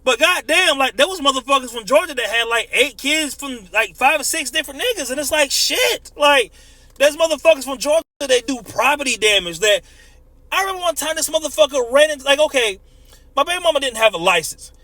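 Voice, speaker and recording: A man's voice: extremely high pitch, expressive, fairly quick, pushed and bright, no room sound. A man in his thirties, a truck driver, ranting profanely in a casual monologue and laughing often as he tells stories.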